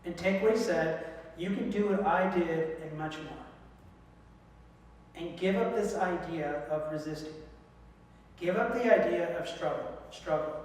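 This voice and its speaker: Animated male preacher in an echoey hall. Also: sits high, far from the mic. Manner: animated, joking, acts out voices in quotes. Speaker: guest speaker. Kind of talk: sermon. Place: church hall.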